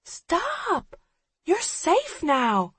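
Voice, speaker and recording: A woman's voice: very high voice, huge pitch swings, extremely slow, a bit bright, no room sound, voice pushed up, full character voice. A woman voicing an unhinged, frantic female killer who cries out in desperate, pleading tones. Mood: commanding.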